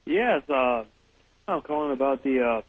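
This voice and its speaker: A man's voice: medium pitch, lively intonation, a little slow. A man calling into a radio show, speaking earnestly and hesitantly. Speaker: radio caller. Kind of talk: phone-in chat. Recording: tinny phone line.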